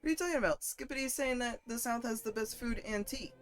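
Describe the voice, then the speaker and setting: A woman streamer chatting casually and profanely while she plays a game, getting worked up and loud at times. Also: fairly high pitch, fast, soft background music. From northern United States. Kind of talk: casual gaming stream chat.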